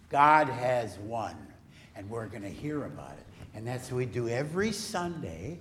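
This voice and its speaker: A man serving as pastor, reading the gospel and then giving a lively children's message in church, coaxing the kids to cheer and repeat after him. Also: mid-range voice. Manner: slow, animated, coaxing children to join in. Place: church sanctuary.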